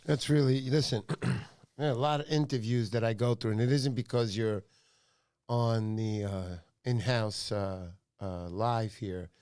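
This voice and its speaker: A man's voice: medium pitch, fairly even intonation, measured pace, a little mellow, smooth. A man hosting a casual fishing livestream, chatting with a guest and telling rambling stories full of quoted voices. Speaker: livestream host. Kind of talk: casual chat.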